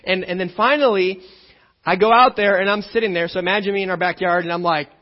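A man preaching a sermon as pastor, an animated storyteller who acts out scenes and jokes along the way. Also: high-pitched, fast, long reverb tail. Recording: dull lo-fi sermon recording.

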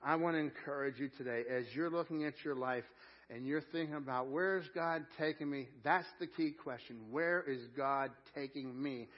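A man's voice: a little high, moderate pace. Man preaching with energy, lo-fi audio. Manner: energetic preaching that rises to loud emphatic peaks, with frequent repeated words. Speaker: pastor. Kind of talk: sermon. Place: church sanctuary.

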